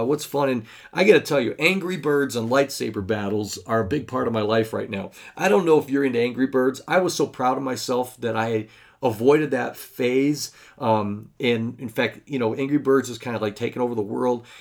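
A man's voice: mid-range voice, creaky. A man in his thirties hosting a podcast, talking in a casual, rambling way with many fillers. He sounds chatty, enthusiastic and self-deprecating. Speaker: podcast host.

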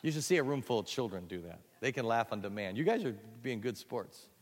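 A man telling a playful children's story to fellow teachers, animated and building up moments for effect. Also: mid-range voice, fairly quick, in a large hall, heavy background noise.

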